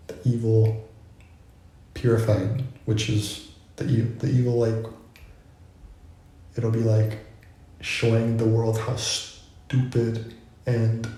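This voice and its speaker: A man's voice: lowish voice, creaky, mellow. A man vlogging, musing in a loose, rambling way full of asides. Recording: very echoey room.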